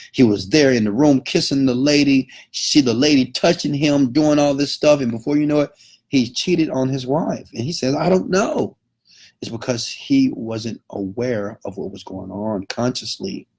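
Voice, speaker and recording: Male motivational speaker, husky, emphatic, mid pitch. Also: fairly even intonation, moderate pace, darkish tone. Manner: emphatic, keeps checking in with okay. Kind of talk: motivational lecture.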